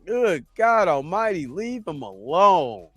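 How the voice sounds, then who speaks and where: Brief: male reaction host, lively up-and-down delivery, unhurried, dry close sound, soft music under him. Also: high-pitched, slightly rough, dry recording. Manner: laughing, animated, repeats himself. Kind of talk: casual reaction commentary.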